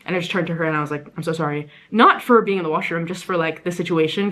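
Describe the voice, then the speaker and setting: A young woman travel vlogger telling a story in a casual, animated, rambling way, often restarting her sentences. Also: fairly low pitch. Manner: animated, rambling, frequent self-corrections.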